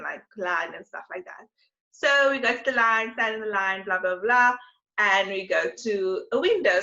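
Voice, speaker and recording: A young woman from South Africa co-hosts a podcast, rambling through a story in a chatty way. Her voice is bright and fairly high, and the audio sounds slightly dull and lo-fi. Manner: rambling, chatty, lots of fillers. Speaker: podcast co-host. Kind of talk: casual storytelling chat.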